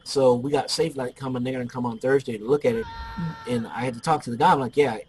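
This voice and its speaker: A man's voice: medium pitch, fairly even intonation, quick pace, slight background noise, low-quality recording. Rambling, joking man talking over gameplay. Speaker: gameplay commentator. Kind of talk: casual gameplay commentary.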